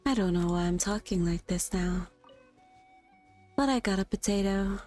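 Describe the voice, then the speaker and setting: A woman's voice: mid-range voice, normal speed. Playful woman streamer talking to herself. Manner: playful, talks to herself, sings little tunes. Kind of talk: casual gameplay commentary. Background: soft background music.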